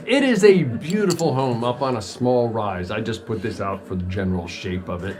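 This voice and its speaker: Relaxed man narrating as game master. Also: on the low side, slight background noise. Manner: descriptive, relaxed, with pauses.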